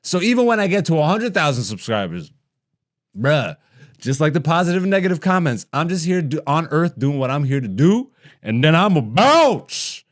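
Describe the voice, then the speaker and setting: A man in his thirties hosting a comedy podcast, ranting with heavy profanity and mockery, dropping to low mutters and rising to loud animated bursts. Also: moderate pace. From Ethiopian heritage.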